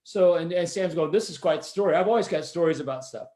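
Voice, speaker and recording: A man's voice: a little high, quick pace, mellow. A man hosting a podcast, telling a rambling personal story in a chatty, self-deprecating way. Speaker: podcast host. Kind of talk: casual anecdotal storytelling.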